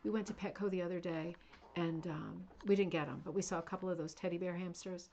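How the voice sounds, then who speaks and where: A woman's voice: lowish voice, fairly even intonation, quick pace, lo-fi sound, background noise. A woman hosting a craft livestream, chatting casually and gushing over viewers' work. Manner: chatty and gushing, with many fillers and asides. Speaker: host of a craft show livestream.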